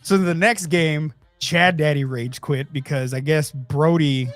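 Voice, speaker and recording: A man hosting a podcast, telling a story in a loose, profane, animated way. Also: fairly high pitch, unhurried, faint music behind. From Texas. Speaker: podcast host. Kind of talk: casual storytelling chat.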